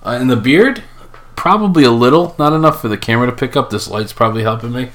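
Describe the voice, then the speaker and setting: Quick and expressive, with a mid-range, slightly bright voice, this middle-aged man from Minnesota co-hosts a podcast's casual live-stream chat. He jokes and laughs a lot, and the recording sounds echoey.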